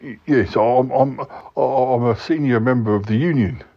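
A man's voice: medium pitch, a little slow. A man voicing a timid, fussy yeti uncle who stammers and dithers through every sentence. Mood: hesitant. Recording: dull lo-fi recording.

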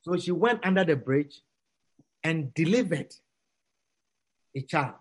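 A male preacher with a high voice tells a story to his congregation. His pitch swings widely as he acts out the characters. He moves from hushed tones to near-shouts. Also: lively intonation, takes it slowly, husky.

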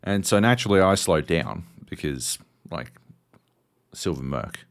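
Gravelly and a little slow, this Australian co-host in his thirties tells stories full of swearing during a relaxed podcast conversation. He gets animated, leaping up in pitch for the outbursts he quotes.

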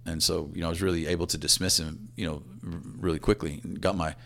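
A man in his fifties, a police assistant chief, telling a personal story in a halting, reflective way that often trails off quietly. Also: low voice, fairly even intonation, creaky.

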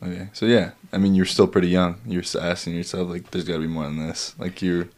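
A male interviewer with a low, deep voice. He asks questions casually, with lots of "like" and "yeah" as he affirms his guest. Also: flat delivery, fast talker, darkish tone.

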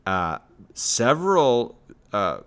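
A man's voice: medium pitch, sing-song, extremely slow, a bit bright, clear, resonant tone. A man co-hosting a podcast in casual chat, loose and meandering, with many fillers. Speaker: podcast co-host.

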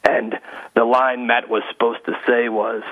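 A man doing a low, slow, dry impression of a gruff older male film star over a phone line. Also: level tone, lightly acted.

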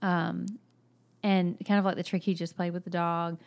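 A woman co-hosting a laid-back book discussion, weighing her points in a measured, thoughtful way. Her voice sits low with a gravelly fry. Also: level tone. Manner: thoughtful, measured, occasional fillers. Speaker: podcast co-host.

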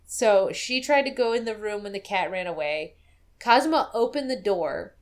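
A woman's voice: mid-range voice, normal speed. A woman in casual chat, recapping a game's plot and acting out the characters' lines as she goes. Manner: animated storyteller, acts out quotes. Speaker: podcast co-host.

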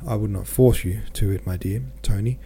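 A man voicing an aging, worried merchant father who speaks to his daughter gravely and gently. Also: lowish voice, a little fast, a little hiss or hum, lightly acted. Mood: grave, gentle.

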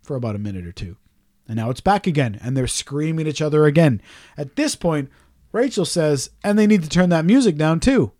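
A man's voice: fairly high pitch, animated, a little fast, warm tone, no echo, clean studio sound. Profane man ranting through a story. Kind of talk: casual storytelling chat.

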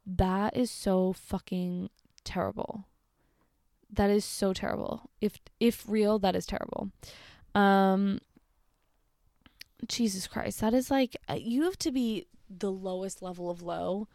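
A woman's voice: medium pitch, takes it slowly, vocal fry, mellow, no room sound. Blunt, sweary woman with a dry voice. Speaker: vlogger. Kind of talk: casual reaction commentary reading messages aloud.

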